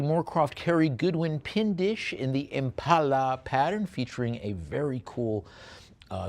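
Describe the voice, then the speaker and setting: A man working as an auctioneer, calling bids at a live sale. He describes each lot with many hesitant fillers and drops joking asides between bids. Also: mid-range voice.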